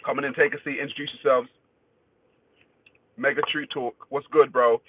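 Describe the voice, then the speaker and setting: A man's voice: mid-range voice, little pitch movement, normal speed, background noise. A man hosting a casual livestream, greeting viewers by name, reading their comments and swearing freely. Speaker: livestream host. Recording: dry, phone-like thin sound.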